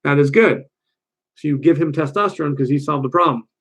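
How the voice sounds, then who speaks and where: Energetic man coaching to camera. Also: fairly high pitch, fairly quick, husky. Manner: energetic, conversational, acts out little quoted voices. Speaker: dating coach. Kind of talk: direct-to-camera coaching talk.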